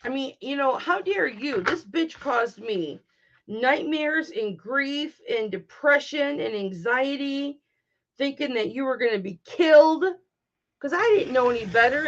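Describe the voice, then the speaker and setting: A middle-aged woman with a Michigan accent hosts a casual livestream, speaking slowly with a slightly high voice. She is blunt, emotional and profane. The audio is dull and lo-fi. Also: animated. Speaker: livestream host.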